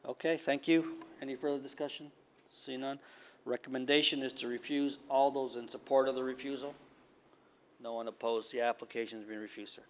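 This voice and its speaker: Brisk man chairing a committee meeting. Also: mid-range voice, fairly even intonation. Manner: brisk procedural.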